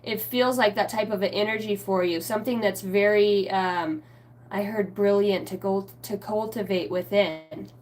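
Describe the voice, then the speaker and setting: A woman's voice: medium pitch, fairly even intonation, normal speed. A woman giving a casual livestream spiritual reading. She rambles, trails off mid-thought and swears now and then. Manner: self-mocking aside, often trailing off mid-thought. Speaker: spiritual reader answering viewers live.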